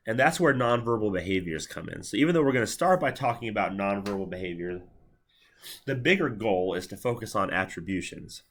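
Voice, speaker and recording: A man's voice: fairly low pitch, fairly bright tone. A man in his thirties giving a university lecture in a lecture hall, talking casually with many fillers and restarts. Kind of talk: classroom lecture.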